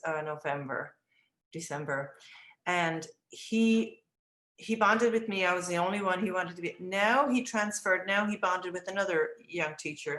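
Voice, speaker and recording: An older woman, an early childhood educator, recounting classroom stories and acting out the dialogue in lively high voices. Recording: echoey room.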